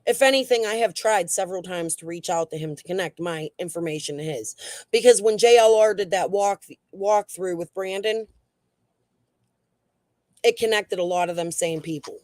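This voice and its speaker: A woman's voice: on the low side, moderate pace, a little mellow, dry recording. A woman hosting a casual true crime livestream and reading the chat, talking in a blunt, heated way that is full of swearing.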